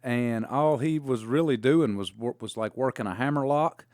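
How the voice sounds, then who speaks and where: Man, podcast co-host, drawling storyteller with a smooth, dry, close voice. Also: medium pitch, normal speed, a little mellow, no room sound. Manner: drawling, rambling with fillers and restarts. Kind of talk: casual storytelling.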